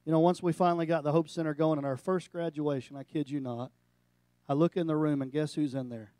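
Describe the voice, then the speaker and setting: A middle-aged male pastor giving a sermon, animated and storytelling, breaking into jokes. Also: on the high side, fairly quick, no room sound.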